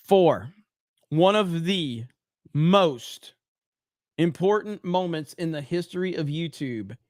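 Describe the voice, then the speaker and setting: A man hosts a casual livestream, reading viewers' messages aloud in a fairly high voice. He talks at a slow, drawn-out pace, breaking into loud, profane outbursts and then dropping back to low mutters. The sound is dry and close, with no room echo. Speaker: livestream host.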